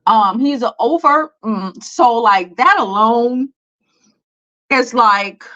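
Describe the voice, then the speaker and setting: A woman's voice: fairly high pitch, slow, a bit bright, lo-fi sound. A young woman, hosting a casual celebrity commentary vlog in a blunt, profane, dismissive way with many fillers. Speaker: beauty and celebrity news host.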